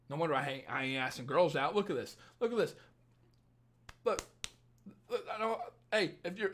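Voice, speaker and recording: A young man hosting a casual livestream, reading viewer comments and giving dating advice in a profane, joking, animated way. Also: mid-range voice. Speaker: dating coach livestream host.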